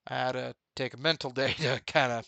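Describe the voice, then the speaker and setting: Bright-voiced man in a candid vlog. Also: mid-range voice, fairly even intonation, fairly quick, creaky, no echo. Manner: candid and rambling, recounting a dream. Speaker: vlogger. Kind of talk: personal video update.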